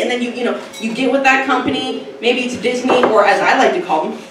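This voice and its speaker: A woman's voice: a little high, fairly quick, distant mic, slight background noise. A young woman performing a stand-up comedy set, chatty and self-mocking, rambling through asides. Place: comedy club stage. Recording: echoey club, mic from afar.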